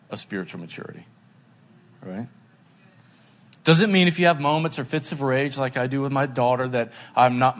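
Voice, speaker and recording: A man's voice: medium pitch, fairly bright tone. Self-deprecating man preaching casually. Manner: conversational, self-deprecating preaching with congregation asides. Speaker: pastor. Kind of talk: sermon.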